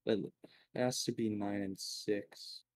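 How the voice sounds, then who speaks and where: A man's voice: lowish voice, fairly even intonation, slow, darkish tone, no echo. A young man chatting casually over an online card game, explaining the rules and swearing freely. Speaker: guest gamer. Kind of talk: casual gaming chat.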